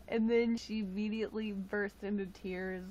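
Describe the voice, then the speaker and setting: Slow-talking, tired woman live-streaming. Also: mid-range voice, darkish tone, lo-fi sound. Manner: rambling, chuckling, lots of fillers. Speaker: livestream host. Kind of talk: casual live-stream chat with viewers.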